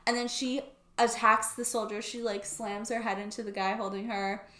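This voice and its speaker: A woman's voice: on the high side, little pitch movement, moderate pace, pushed and bright, reverberant. A young woman recapping a book plot in a casual, sarcastic way, using "like" constantly. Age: young adult. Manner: chatty and sarcastic, heavy use of "like". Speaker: book YouTuber.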